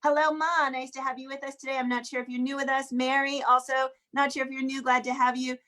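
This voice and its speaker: Woman host on a video call, upbeat and chatty, high voice with a fairly flat melody. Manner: upbeat, chatty, lists names quickly. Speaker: host of an online group sing. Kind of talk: warm welcome, greeting attendees by name.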